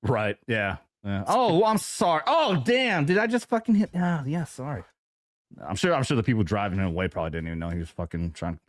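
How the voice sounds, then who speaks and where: A man, a veteran co-hosting a podcast, talking in casual profane chat with frequent halting restarts. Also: medium pitch, sing-song, no echo, studio quality. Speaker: co-host, veteran.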